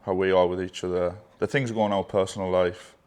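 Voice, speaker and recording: A man's voice: sits low, little pitch movement, quick pace, a little mellow, clear, resonant tone. A man, a brand co-founder, chatting casually and rambling, with plenty of swearing. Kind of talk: casual chat.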